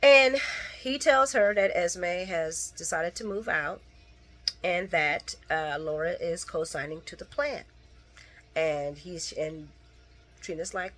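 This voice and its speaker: Woman soap recapper, chatty and animated, swears freely, talks to her fans. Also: on the low side, slow pace. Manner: animated, profane, talks to viewers; quoting characters mid-story. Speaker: soap opera recap vlogger. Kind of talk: casual recap chat.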